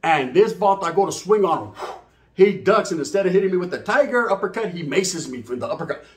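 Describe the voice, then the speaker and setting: A man's voice: sits high, lively intonation, a little fast. A middle-aged man telling a profane, streetwise story to camera as a channel host, mixing in Spanish slang and asking "right?" often. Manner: says "right?" and "you know what I mean?" often. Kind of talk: casual storytelling monologue.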